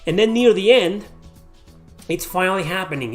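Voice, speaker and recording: A man's voice: high-pitched, lively intonation, normal speed, pauses often, faint music behind. A man hosting his own channel, ranting heatedly and profanely to camera, often repeating himself. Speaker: YouTube host.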